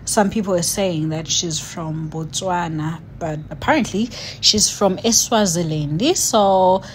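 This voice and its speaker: A woman's voice: lowish voice, measured pace, a little hiss or hum. Chatty woman vlogging. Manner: chatty, speaks directly to viewers. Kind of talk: casual vlog commentary.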